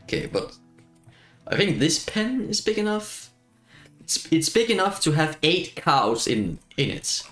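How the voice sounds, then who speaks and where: A man's voice: fairly high pitch, very animated, unhurried, fairly bright tone, faint music behind. A man streaming a video game, chatting casually as he plays, rambling and self-mocking and laughing often. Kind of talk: casual gameplay chat.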